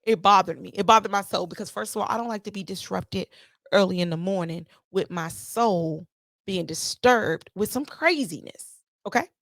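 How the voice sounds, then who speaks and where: A woman hosting a podcast, telling a story in a casual, animated monologue and repeating herself for emphasis. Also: medium pitch, normal speed, dry recording, clean studio sound. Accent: playful put-on Jamaican-style lilt at times. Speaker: podcast host.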